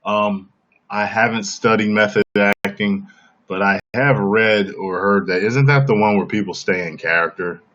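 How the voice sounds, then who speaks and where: A man's voice: fairly low pitch, moderate pace, fairly bright tone, lo-fi sound. A man hosting a casual livestream chat, talking emphatically and often checking in with the audience. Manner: emphatic, keeps asking "okay?". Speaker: livestream host.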